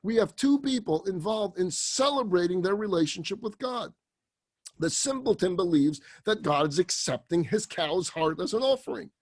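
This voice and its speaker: A rabbi telling a story in a sermon, animated and dramatic. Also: male voice, high voice, moderate pace.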